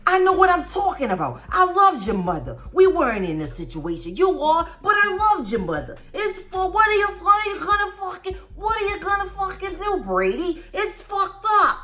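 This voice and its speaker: Woman doing a furious old dad yelling. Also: sing-song, normal speed, hardly any pauses, heavily acted. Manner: shouting, cursing, high and strained. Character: furious aging father yelling at his grown son.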